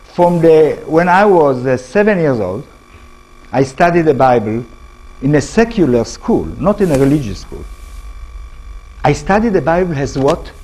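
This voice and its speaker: Husky older man, Israeli accent. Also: fairly high pitch, big pitch swings, darkish tone, poor audio. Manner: halting, restarts words, asks audience questions. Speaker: lecturer. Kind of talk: public talk to an audience.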